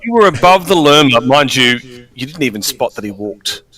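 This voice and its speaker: An Australian man chatting with teammates over voice chat during a game stream, animated and teasing. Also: medium pitch, moderate pace, crowd noise. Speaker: streamer playing a mech game. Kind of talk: casual gaming voice chat.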